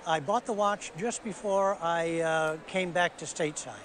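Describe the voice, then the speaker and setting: A man's voice: on the high side, normal speed, a bit bright. An older man speaks in a slightly raised voice, recounting his story plainly and without hurry. The recording carries noticeable noise around him. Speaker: guest at an appraisal. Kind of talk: TV appraisal interview.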